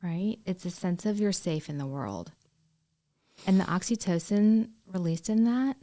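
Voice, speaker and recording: Calm low-voiced woman podcast co-host. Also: measured pace. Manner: calm, explanatory and reassuring. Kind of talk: casual podcast conversation.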